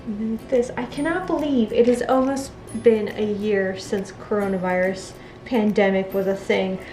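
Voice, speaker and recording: A woman's voice: medium pitch, steady tone, normal speed, dark tone, roomy sound, faint music behind, low-quality recording. A woman chatting casually while making soap, laughing often as she talks. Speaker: soap maker. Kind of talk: casual crafting narration.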